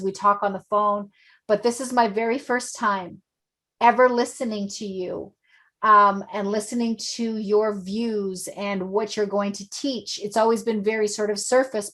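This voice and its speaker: A woman's voice: medium pitch, steady tone, normal speed, a bit bright. A woman hosting an online event, gushing and effusive, repeating her praise. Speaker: event host.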